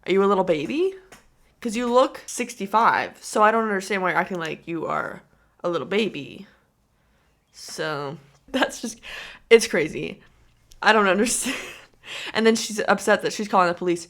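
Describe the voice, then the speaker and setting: A woman's voice: mid-range voice, expressive, normal speed. Giggly incredulous young woman commentator. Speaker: commentary vlogger. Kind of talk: reaction commentary.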